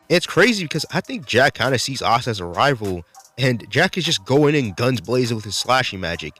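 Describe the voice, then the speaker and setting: A man's voice: mid-range voice, animated, normal speed, sharp tone, faint music behind. Laid-back man recapping a manga chapter. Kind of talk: casual video commentary.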